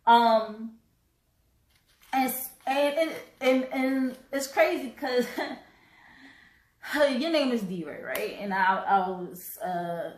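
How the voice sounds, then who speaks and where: Slow-talking woman host in an echoey room. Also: mid-range voice. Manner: earnest, halting, repeats words. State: choked up, coughing. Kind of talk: live-stream commentary.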